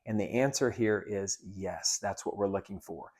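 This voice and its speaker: A sales trainer with a lowish, darkish voice at a moderate pace teaches sales greetings in an upbeat coaching style. His instructional talk is occasionally broken up by role-played sample lines.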